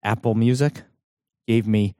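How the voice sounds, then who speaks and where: A man hosting a casual talk show, telling stories in a profane, animated way. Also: lowish voice, a little slow, smooth, dry recording, clean studio sound. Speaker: show host. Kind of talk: casual radio chat.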